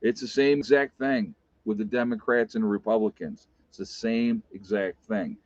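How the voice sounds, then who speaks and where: A man's voice: fairly low pitch, steady tone, normal speed, a little mellow, no echo. A man from upstate New York, a vlogger talking back to viewer comments in a rambling, exasperated monologue full of fillers and restarts. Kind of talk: casual opinionated monologue. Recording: dull, dry lo-fi sound.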